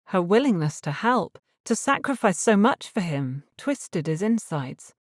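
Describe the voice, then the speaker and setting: A woman reading a romance novel aloud as an audiobook narrator in a measured, even storytelling manner. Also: mid-range voice, no echo, clean studio sound. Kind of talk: scripted narration.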